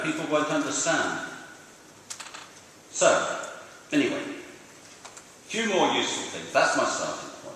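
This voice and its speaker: A man's voice: a little high, pushed and bright, a little hiss or hum. Older man explaining in an echoing hall. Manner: explanatory, asks the audience questions. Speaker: speaker on language teaching. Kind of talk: talk to teachers. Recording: roomy hall, from far off.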